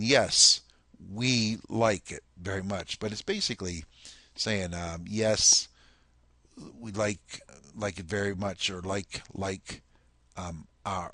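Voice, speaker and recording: Male tutor, low-pitched and dry, talks through each phrase patiently and informally. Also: a bit bright, no room sound. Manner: patient, repeats phrases over and over; chatty and informal. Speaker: language teacher. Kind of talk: explaining a recorded lesson.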